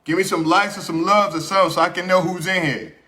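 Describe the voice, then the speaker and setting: Under hot studio lights in a small room, a young podcast host talks fast in a high, steady, pushed and bright voice. He shares a casual story before going over his sports picks, chatty and repetitive as he addresses viewers.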